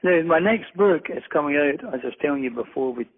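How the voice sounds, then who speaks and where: A man's voice: a little high, lively intonation, quick pace, husky. A middle-aged Scottish man, a guest author, chatting in a rambling, self-deprecating way with many restarts. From Scotland. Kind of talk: casual interview chat. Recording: phone-like narrow audio.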